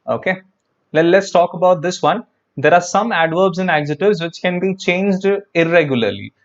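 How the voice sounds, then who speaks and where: A man's voice: high voice, moderate pace, dull audio. A man teaching an English grammar lesson online, chatty and repetitive, talking straight to his viewers and answering their comments. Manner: chatty, repeats words, talks to viewers.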